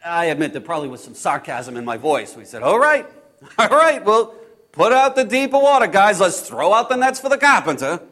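A man playing Peter, a hot-tempered fisherman, telling his story in the first person with halting, repeated words, hushed one moment and loud and exasperated the next. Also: medium pitch, husky. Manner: swings between hushed awe and loud exasperation. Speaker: actor in a first-person biblical monologue.

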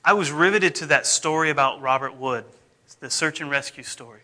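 A middle-aged man, a pastor, preaching in a conversational, self-deprecating way whose phrases often fade off softly. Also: a little high, a little fast. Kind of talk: sermon.

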